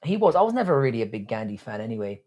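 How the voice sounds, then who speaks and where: A man's voice: medium pitch, big pitch swings, very fast, dark tone. A young man hosting a live stream, reading out viewer comments and answering them with crude, cocky banter and calling himself "your boy". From Britain. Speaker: livestream host.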